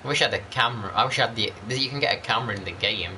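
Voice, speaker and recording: A man's voice: fairly low pitch, racing, noisy background. A man chatting casually over gameplay as a channel host, rambling and greeting viewers by name.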